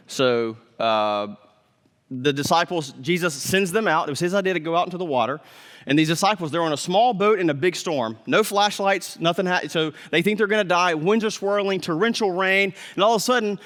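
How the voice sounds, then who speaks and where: A man's voice: high voice, a bit bright, in a large hall. A man preaching a sermon as pastor, in a conversational way, sometimes acting out the people in the story. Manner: conversational preaching, acts out voices.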